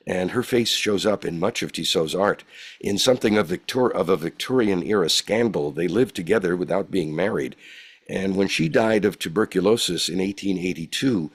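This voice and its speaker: Low-voiced man with a nasal tone. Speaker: Torah study leader. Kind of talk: art talk presenting a Torah portion.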